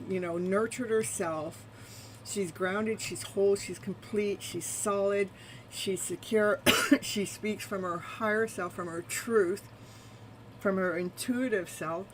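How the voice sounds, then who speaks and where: A woman's voice: mid-range voice, noisy background. A woman hosting a live tarot stream, repeating soothing spiritual phrases and chatting with viewers between cards. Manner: laughs often and chats with viewers.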